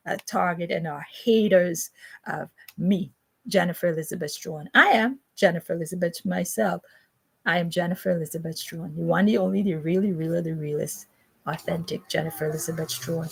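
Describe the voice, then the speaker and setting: A woman's voice: on the low side, brisk, vocal fry, slightly rough, low-quality recording. A woman talking in a rambling, repetitive monologue, reading news aloud with restarts and stammers, often emphatic. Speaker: vlogger commenting on news.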